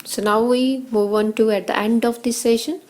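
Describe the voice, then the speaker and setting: A woman teacher working through exam questions, reading out options and answers in short measured phrases. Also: on the high side, steady tone, darkish tone, a little hiss or hum, low-quality recording.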